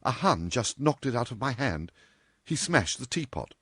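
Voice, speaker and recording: A man voicing a composed young woman stenographer who speaks in a measured, level way. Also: mid-range voice, big pitch swings, fairly bright tone, breathy edge, dry recording, clean studio sound, voice pushed up.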